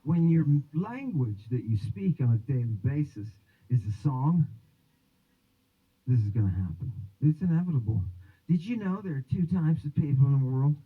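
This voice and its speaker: A man's voice: fairly high pitch, lively intonation, moderate pace, slightly rough. A man hosting a livestream, lecturing in a rambling, theatrical way with mocking asides. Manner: theatrical, swinging between musing and mocking asides. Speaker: host of a religion and language livestream. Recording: thin, phone-like sound.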